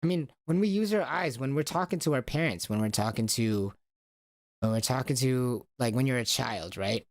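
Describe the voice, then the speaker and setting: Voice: medium pitch, lively intonation, moderate pace, dry recording, clean studio sound. A stream host talking through a casual monologue, asking rhetorical questions and acting out short quoted lines from parents and children.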